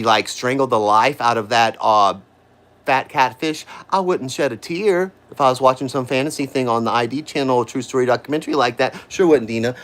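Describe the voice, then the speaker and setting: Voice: medium pitch, fairly bright tone. A livestreamer at home, ranting and mocking in a profane, sing-song way. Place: home, indoors.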